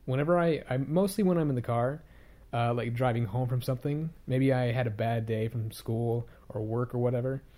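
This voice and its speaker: A man's voice: mid-range voice, normal speed, dark tone. A young man talking casually to his own channel, rambling and hesitant, often restarting his sentences, candid and hard on himself. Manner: candid and self-critical. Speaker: YouTuber. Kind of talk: casual reflective vlog monologue.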